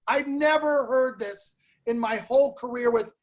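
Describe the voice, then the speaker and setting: A man, a comedian, recounting a road story in casual podcast chat with quick, halting phrasing. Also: very high voice.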